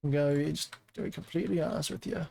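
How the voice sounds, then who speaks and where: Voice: medium pitch, racing, gravelly, dark tone, a little hiss or hum, poor audio. A streamer casually chatting and rambling while building in a game, often counting blocks aloud.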